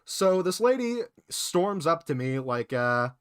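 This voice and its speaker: Junger Mann, der fluchend Anekdoten erzählt. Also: male voice, fairly high pitch, takes it slowly, clean tone, dry recording, studio quality. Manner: profane, animated storytelling. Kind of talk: casual storytelling.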